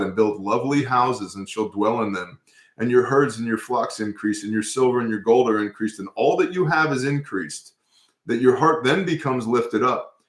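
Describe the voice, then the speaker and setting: Host, male, lowish voice, casual and profane storyteller, roomy echo. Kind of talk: casual scripture discussion.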